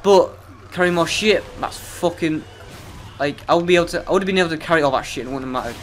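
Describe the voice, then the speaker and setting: A man's voice: on the high side, fast, slight background noise. A young man giving profane, sarcastic, self-mocking commentary while playing a video game. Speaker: let's play gamer. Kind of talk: gameplay commentary.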